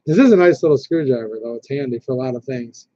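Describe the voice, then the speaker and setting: A man with a medium-pitched, warm voice talks fast while hosting a casual livestream, the dry recording giving dull lo-fi stream audio. He rambles, reads viewer comments aloud and restarts often.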